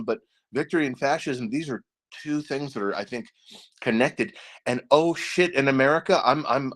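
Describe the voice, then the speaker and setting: A man hosting his own channel, ranting in a casual political monologue, profane and rambling, restarting his words and swinging between muttered asides and excited outbursts. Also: medium pitch. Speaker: channel host.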